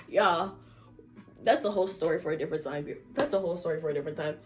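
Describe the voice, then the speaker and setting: A woman's voice: fairly low pitch, normal speed, long pauses. A young woman, telling a candid story time to her viewers with lots of laughter. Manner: laughing often, animated and candid, slangy. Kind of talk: casual storytime chat to viewers.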